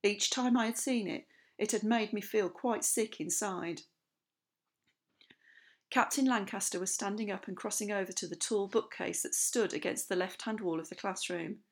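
A woman narrating a children's novel aloud in the first person, lively and expressive. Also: medium pitch, normal speed. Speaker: audiobook narrator. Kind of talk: scripted storybook narration.

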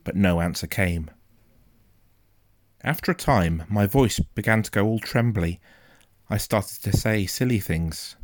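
A man reads a first-person storybook aloud in a quiet, measured, suspenseful manner. His voice is very low. The recording is close and dry, with no room sound. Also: no room sound. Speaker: audiobook narrator.

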